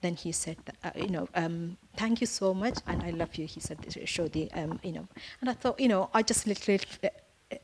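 A woman recounts a personal story of faith to her fellow believers. Her voice sits a little low, and she talks earnestly, stopping and restarting with plenty of fillers. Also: normal speed, a little mellow, slight background noise. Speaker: church member giving testimony. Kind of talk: personal testimony in a prayer meeting.

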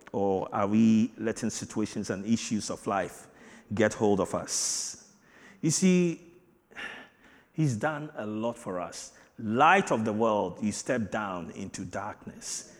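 A man preaching a sermon with emphatic, swinging delivery, booming declarations dropping to quiet asides. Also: measured pace. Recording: long hall reverb.

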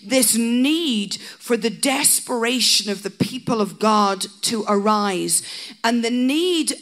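A middle-aged woman delivering a sermon in an unhurried way. Her voice sits a little high. She moves between wry humor and fervent, shouted exhortation. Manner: humorous asides that build to a passionate shouted climax. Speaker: preacher.

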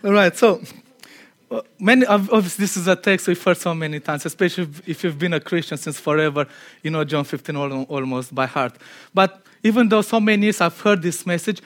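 A man with a high voice gives a conversational sermon to a congregation. He is earnest but chatty, laughs easily at himself, and sinks into a quiet, low tone when he wants a point to land. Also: fairly quick. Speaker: preacher.

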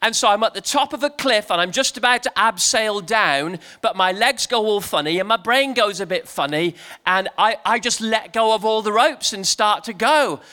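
Animated high-voiced preacher. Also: male voice, moderate pace, few pauses. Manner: animated, playful, leads the audience in shouting. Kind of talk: lively storytelling sermon to a crowd.

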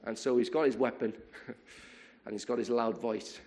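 A man with a gravelly, creaky voice of middling pitch preaches to his congregation. He retells a story in a lively way and acts out the voices of its people. He often stumbles, repeats words and restarts his sentences as he goes. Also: unhurried. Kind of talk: sermon storytelling.

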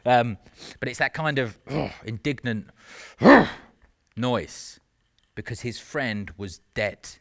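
A man's voice: medium pitch, takes it slowly, fairly bright tone. A man preaching a sermon in an earnest, conversational way, with self-mocking asides.

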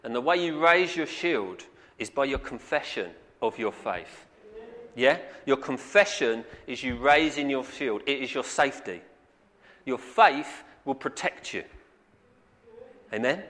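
A man's voice: mid-range voice, animated, unhurried, fairly bright tone. A man preaching a sermon, earnest and repetitive, often calling out "amen". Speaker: pastor. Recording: long reverb in a hall.

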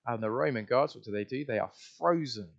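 A man's voice: mid-range voice, a little fast, creaky. Emphatic preacher man, dull sound. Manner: emphatic, repeats refrains, varies loudness widely. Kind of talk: sermon.

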